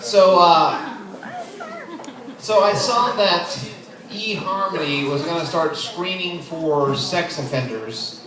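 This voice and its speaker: A man in his twenties performing an open mic stand-up set, deadpan and self-deprecating, chuckling at his own jokes. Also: a little high, slow pace, distant mic. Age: 20s. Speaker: stand-up comedian. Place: comedy club stage. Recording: echoey club heard from afar, crowd noise. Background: audience laughing.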